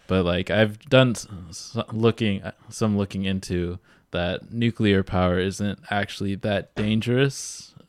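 A man with a very deep voice talks on a casual podcast. He hesitates and trails off with many fillers. The sound is dry and close. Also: smooth, dry recording. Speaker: podcast co-host. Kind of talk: casual chat.

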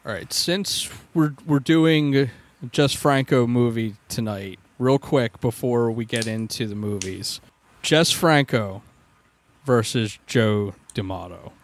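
A man co-hosting a podcast, talking slowly and deliberately in casual chat. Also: mid-range voice. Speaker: podcast co-host.

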